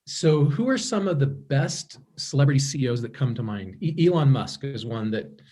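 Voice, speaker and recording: A man hosting a business podcast, reading a scripted intro and asking interview questions in a measured, steady way. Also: mid-range voice, breathy edge. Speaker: podcast host.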